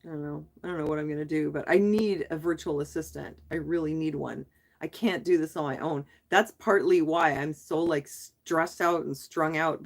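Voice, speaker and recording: A middle-aged woman vents to her live-stream viewers, rambling and restarting as she goes. Her voice sits on the low side for a woman. She sounds frustrated and worn down. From Canada. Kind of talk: casual live stream chat.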